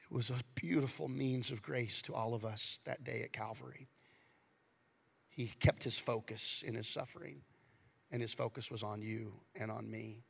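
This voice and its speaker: A male pastor preaching a sermon, swinging from loud, animated passages to hushed near-whispers. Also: medium pitch, normal speed, vocal fry, breathy edge.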